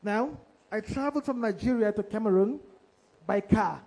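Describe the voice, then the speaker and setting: Male journalist storyteller, high voice with a dark, mellow tone, dramatic delivery with direct questions to the crowd. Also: normal speed, poor audio. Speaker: investigative journalist. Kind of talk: storytelling talk on stage. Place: live event stage before an audience.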